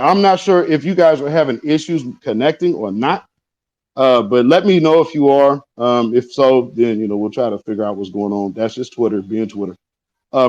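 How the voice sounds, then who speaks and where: A man's voice: mid-range voice, a little mellow. Laid-back male host on lo-fi audio. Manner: laid-back, emphatic, moderating. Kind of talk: casual audio chat. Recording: dull lo-fi audio.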